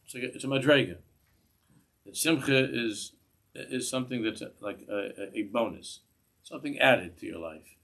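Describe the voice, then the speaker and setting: A man's voice: medium pitch, normal speed, creaky, a bit bright. A man, a rabbi giving a class in a synagogue, earnest, restarting phrases and mixing in Hebrew terms. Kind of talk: sermon.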